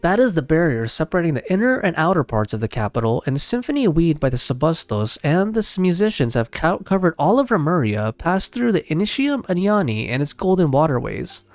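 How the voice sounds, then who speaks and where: A man voicing an old, formal male guide from an ancient underwater city, telling its history slowly and solemnly in a lowered voice. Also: very animated, no room sound. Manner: low, slow, solemn storytelling.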